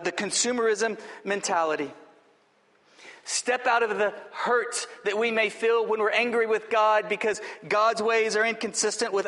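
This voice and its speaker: A man's voice: high-pitched, fairly bright tone. A man preaching a sermon as pastor, earnest and exhorting, often restarting his phrases. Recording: long hall reverb.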